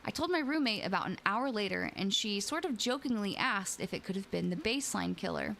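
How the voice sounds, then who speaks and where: A young woman streams live, switching between reading spooky stories aloud and greeting her chat in a playful, giggly way. Her voice sits at an everyday middle pitch. A faint hiss of noise sits under the recording. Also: animated, brisk, creaky, fairly bright tone. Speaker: VTuber streamer and host.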